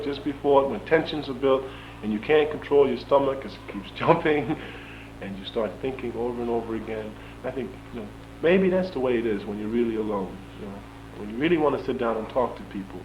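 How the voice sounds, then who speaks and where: A young man in an interview, recounting events in an animated way, chuckling often and acting out the dialogue. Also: medium pitch. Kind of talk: storytelling in an interview. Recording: dull lo-fi archival tape with faint hum.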